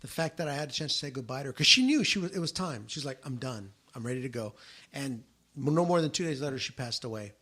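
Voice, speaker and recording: Speaking fast and sounding pushed and bright, this middle-aged man shares a story from his own life while chatting on a podcast he co-hosts. His medium-pitched voice stays animated as he impersonates the family members he quotes.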